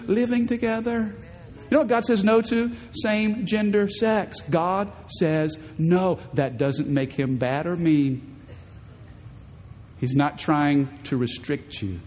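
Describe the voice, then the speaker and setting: A man preaching a sermon as pastor, animated and playful, acting out voices in the stories he tells. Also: big-room sound. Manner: animated, acts out quoted voices in high pitch.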